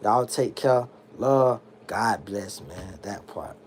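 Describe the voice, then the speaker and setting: A drunk American man rants on a livestream, loud, heated, and animated, swearing a lot. His voice is on the low side, slow, and slightly rough.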